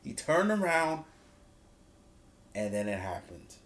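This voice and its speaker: Animated man recapping wrestling. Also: mid-range voice, takes it slowly. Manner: animated storytelling, acts out quotes in slang. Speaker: wrestling reviewer. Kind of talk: casual review recap.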